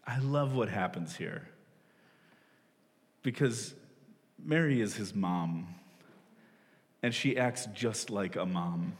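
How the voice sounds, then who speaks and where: In a church hall full of long, large-hall reverb, a male pastor in his forties speaks through a stage microphone. His lowish voice is slow and pauses often as he preaches conversationally, laughing at himself and restarting frequently.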